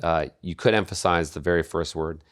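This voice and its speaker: A man co-hosting a podcast, speaking in a measured, halting way about poetry and pausing often to find his words. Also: sits low, fairly even intonation. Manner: measured, halting, with many pauses and fillers. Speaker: podcast co-host. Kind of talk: casual literary discussion.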